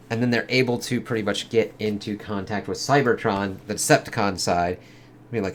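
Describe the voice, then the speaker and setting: A man with a lowish voice talks through a comic book review in a loose, casual way. He swears freely and uses plenty of fillers. Faint noise sits underneath. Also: brisk. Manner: loose and profane, lots of fillers.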